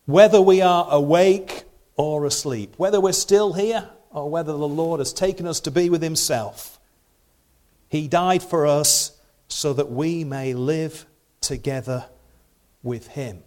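A man's voice: fairly high pitch, a little slow, a little mellow. A middle-aged man giving a sermon in a conversational way, with rhetorical questions and frequent restarts. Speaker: preacher.

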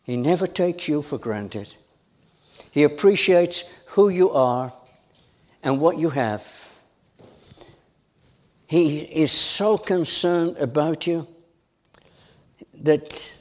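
Slow, emphatic preacher. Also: male voice, fairly high pitch, animated, a little mellow. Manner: emphatic, repetitive rhetorical questions. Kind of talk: sermon.

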